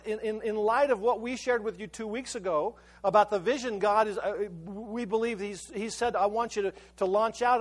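A man with a high voice preaches to his congregation in a loose, conversational way. He tells his story in halting bursts, repeating and restarting words as he goes, and he gives his sermon with an easy storyteller's flow. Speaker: pastor.

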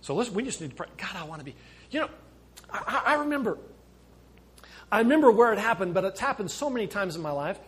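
High bright-voiced impassioned male pastor. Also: lively intonation, quick pace, pauses often. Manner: impassioned, swinging from soft asides to loud emphasis. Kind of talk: sermon.

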